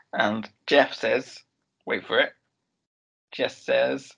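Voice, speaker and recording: Gravelly man recapping a TV episode. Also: mid-range voice, steady tone, extremely slow, bright, forceful tone, low-quality recording. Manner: storytelling recap with many "um"s and quoted lines. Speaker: podcast co-host recapping a TV episode. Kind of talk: casual chat.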